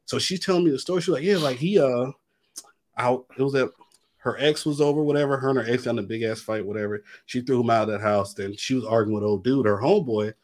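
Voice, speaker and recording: A man's voice: mid-range voice, fast talker, darkish tone. A young man co-hosting a podcast, telling a long story in casual chat, acting out quotes with heavy slang and lots of fillers. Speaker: podcast co-host.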